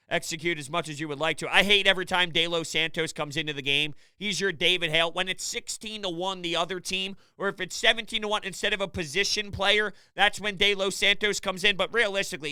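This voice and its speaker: High, bright-voiced ranting sports vlogger man. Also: clear, resonant tone, no room sound. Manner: animated, ranting, exasperated. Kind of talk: opinionated sports commentary vlog.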